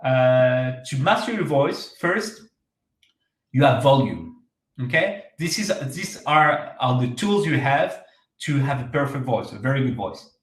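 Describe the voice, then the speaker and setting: A man, an English speaker, giving an energetic online workshop talk on public speaking, repeating his key points for emphasis. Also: medium pitch, takes it slowly, gravelly. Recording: echoey room.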